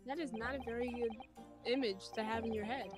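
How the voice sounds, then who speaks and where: A woman's voice: on the high side, steady tone, a little fast, over music. A woman chatting casually in a group voice call, joking a lot and using heavy slang. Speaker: friend in voice chat.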